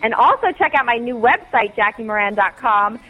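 Bubbly woman host, slightly high voice, keeps the chat rolling. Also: expressive, moderate pace, dull audio. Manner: upbeat, wraps up with plugs. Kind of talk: casual chat.

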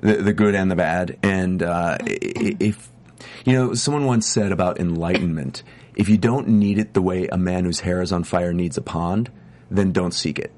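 A man's voice: deep voice, normal speed, darkish tone. A middle-aged man, an actor chatting as an interview guest, rambling with many restarts and stammers. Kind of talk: casual chat.

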